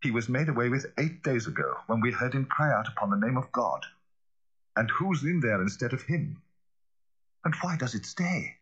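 A man voicing a frightened older male butler who speaks in an anxious, deferential, halting way. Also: medium pitch, very animated, fairly bright tone, breathy edge, voice pushed up. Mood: anguished. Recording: dull lo-fi recording.

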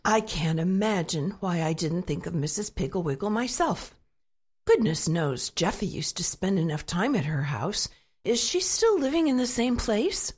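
A woman voicing an anxious, tearful middle-aged housewife with a high, pleading voice. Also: big pitch swings, moderate pace, slightly rough. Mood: distressed.

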